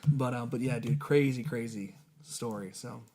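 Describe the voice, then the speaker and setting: A man's voice: mid-range voice, normal speed. Young man telling a funny story. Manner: animated, acts out quotes, laughs while telling. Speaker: podcast co-host. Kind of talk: casual storytelling among friends.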